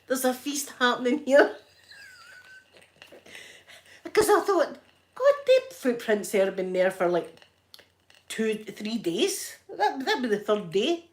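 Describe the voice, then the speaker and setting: Chatty Glaswegian woman, soft spoken. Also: a little high, sing-song, slow pace, pauses often. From Scotland. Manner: chatty storytelling with frequent laughs and soft asides. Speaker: ASMR livestream host. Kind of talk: casual chat.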